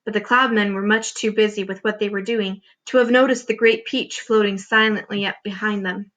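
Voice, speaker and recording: A woman teacher reading a children's chapter book aloud with expressive storytelling. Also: mid-range voice, normal speed. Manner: expressive storytelling, showing pictures.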